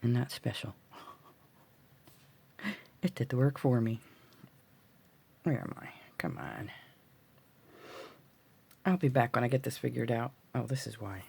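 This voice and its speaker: A man with a gravelly voice hosting a casual beading tutorial, chatty and muttering to himself as he works, recorded on a phone. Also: mid-range voice, fairly even intonation, moderate pace, long pauses, darkish tone. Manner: chatty, mutters to self while working. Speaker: jewelry tutorial host.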